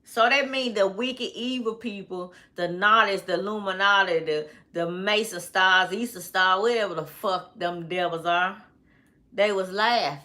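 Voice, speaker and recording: Slow-talking woman vlogger, bright voice. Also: medium pitch. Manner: laughs often between lines, repeats phrases. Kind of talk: rambling monologue.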